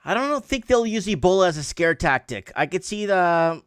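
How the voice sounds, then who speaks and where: A man hosts a call-in show in a high, light voice. He sounds close and dry, with no room echo. His talk is loose and easygoing, and he drops in sarcastic jokes as he reads from his screen. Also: normal speed, clear, resonant tone. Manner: relaxed, joking, sarcastic asides. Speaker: show host. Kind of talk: casual call-in chat.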